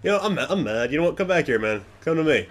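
A man's voice: fairly high pitch, very animated, racing. Cursing young man grumbling over gameplay. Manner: swears a lot, grumbling then yelling at other players. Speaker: gameplay commentator. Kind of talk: casual gameplay commentary.

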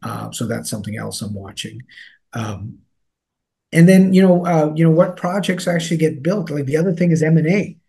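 A man's voice: on the high side, lively intonation, normal speed, vocal fry, mellow, slightly rough. A man in an interview, speaking as a newsletter editor in a rambling way, with many fillers and restarts. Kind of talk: casual interview talk.

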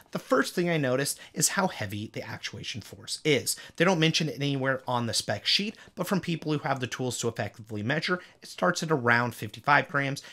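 A man's voice: mid-range voice, a bit bright. Upbeat man reviewing tech gear. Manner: upbeat, quick listing with playful asides. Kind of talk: scripted product review.

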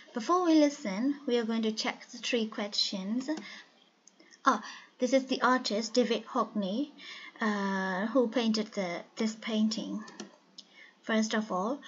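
A woman teaching an English listening lesson, speaking slowly and carefully and repeating key words. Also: on the high side, slightly rough. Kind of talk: slow classroom explanation. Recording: dull lo-fi sound with faint hiss.

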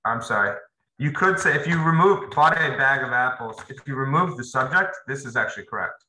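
A man's voice: mid-range voice, animated, fairly quick, bright, forceful tone. A young man teaching a casual grammar lesson, loose and conversational, talking straight to his students. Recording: roomy echo, faint noise.

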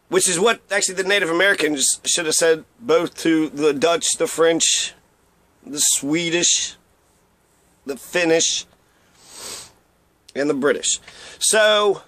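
High-voiced, irreverent man telling history. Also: unhurried, pauses often, fairly bright tone, no room sound. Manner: irreverent and blunt, with frequent asides; stumbles over and repeats names. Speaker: history presenter. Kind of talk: casual spoken history lesson.

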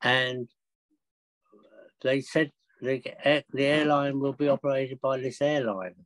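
An older man telling travel stories as a podcast guest, chatty and excitable, with frequent laughs. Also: medium pitch, a little slow, no room sound, poor audio. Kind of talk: anecdotal storytelling.

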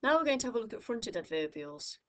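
A woman tutor giving a recorded grammar lesson, speaking clearly and patiently, from the United Kingdom, stressing each example phrase. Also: a little high, very animated, quick pace. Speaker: English tutor.

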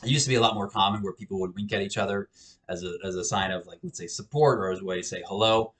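A man's voice: on the low side, fast talker, fairly bright tone. A man lecturing on communication in a recorded class video, explaining with frequent restarts and fillers. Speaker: college lecturer.

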